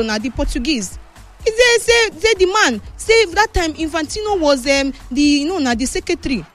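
A woman with a Nigerian Pidgin accent presenting football news, animated and emphatic, retelling quotes in a casual way. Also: high voice. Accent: Nigerian Pidgin English.

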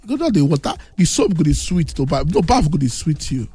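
A man's voice: on the high side, big pitch swings, quick pace, husky, no echo, faint music behind. A man from Nigeria with a Nigerian Pidgin English accent, talking as a radio host in boastful, teasing banter. He is a bit under the weather, and his voice sounds thick. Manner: brash, teasing, loud boasting.

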